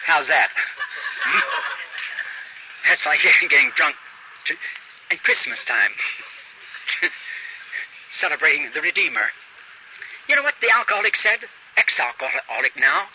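Bright, lively old-time preacher. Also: male voice, on the high side, unhurried, pauses often. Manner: storytelling, quoting characters in dialogue. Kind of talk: sermon. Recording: dull lo-fi archive recording with faint hiss.

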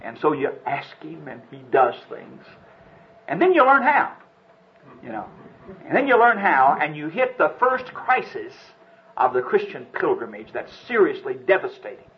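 A man's voice: fairly high pitch, sing-song, normal speed. A man preaching an earnest, dramatic sermon, telling a story and reflecting on faith. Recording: dull lo-fi recording.

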